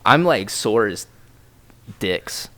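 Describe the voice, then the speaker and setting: A man's voice: lowish voice, very animated, slow pace, fairly bright tone, dry recording. A young man from Ohio co-hosting a podcast, talking in a laid-back, rambling way full of slang and "like" and "dude". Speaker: podcast co-host. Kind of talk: casual chat.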